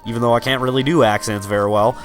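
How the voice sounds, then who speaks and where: A man's voice: mid-range voice, fairly even intonation, fast. A young man rambling and joking through a game in casual gameplay commentary. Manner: rambling, joking, many fillers. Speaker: let's player.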